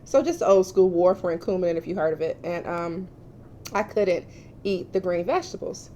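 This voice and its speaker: A mukbang vlogger in her forties shares things candidly with viewers, whom she calls "you guys," in a casual personal vlog. Her voice is fairly low and mellow at a moderate pace, with slight background noise.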